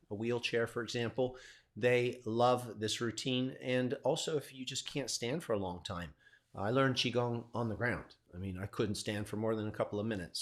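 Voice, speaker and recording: Calm man guiding a qigong class. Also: mid-range voice. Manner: calm, explanatory, guiding step by step. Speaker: qigong instructor. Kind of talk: live-streamed movement lesson.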